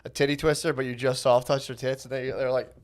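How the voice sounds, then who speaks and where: A man co-hosting a podcast, telling profane stories in an excitable, casual chat. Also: mid-range voice, quick pace.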